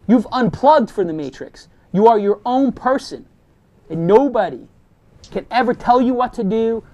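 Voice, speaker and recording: A man, speaking to students as the host. He tells motivational stories with punchy sound effects and lively, animated delivery. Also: high voice. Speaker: host giving a talk to students. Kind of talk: motivational storytelling.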